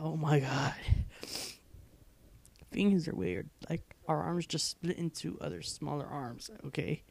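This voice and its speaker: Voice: medium pitch, steady tone, slow, creaky, slightly rough. A young adult blogger casually reading blog posts aloud late at night, giddy and breaking into fits of laughter.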